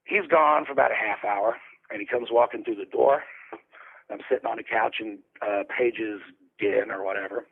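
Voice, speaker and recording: A man's voice: fairly low pitch, fairly even intonation, normal speed, gravelly, breathy edge. A man telling rambling, profane anecdotes as an interview guest in casual storytelling. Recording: tinny phone-line audio.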